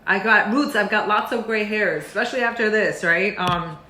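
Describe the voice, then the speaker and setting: A woman's voice: mid-range voice, normal speed, pushed and bright. A middle-aged woman, a meditation teacher, speaking earnestly and with feeling, full of fillers and restarts. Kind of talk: heartfelt talk to camera. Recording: roomy echo.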